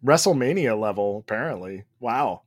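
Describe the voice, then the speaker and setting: A man co-hosts a casual podcast and trades wry, dry quips with his partner. His pitch swings around a lot as he talks. The recording sounds dry, with almost no room echo. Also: animated, normal speed. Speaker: podcast co-host. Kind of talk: casual chat.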